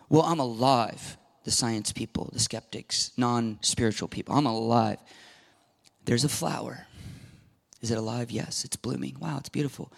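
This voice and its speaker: A middle-aged man preaching a sermon as pastor, emphatic and animated, acting out quoted voices and dropping at times to a whisper. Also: mid-range voice, gravelly.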